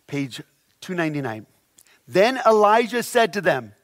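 A man with a high voice preaches in a relaxed, chatty way. He reads scripture and breaks in with dry asides, checking in with a "right?" as he goes. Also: measured pace, long pauses. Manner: conversational, asks "right?" often, adds wry asides. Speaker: pastor. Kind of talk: sermon with scripture reading.

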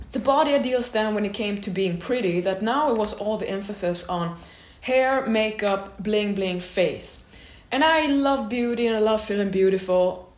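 A woman fitness coach giving a blunt, candid motivational monologue and swearing now and then. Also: mid-range voice. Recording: echoey room.

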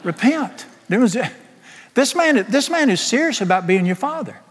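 A man's voice: extremely high pitch, sing-song, normal speed, slightly rough. A middle-aged man preaching a sermon, emphatic and folksy, with humorous asides. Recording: long hall reverb.

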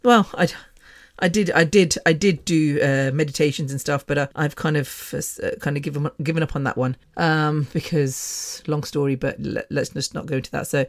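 A woman's voice: low voice, steady tone, moderate pace. A woman hosting her own podcast in a casual personal monologue, frank and candid with mild swearing, rambling with frequent restarts. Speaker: podcast host.

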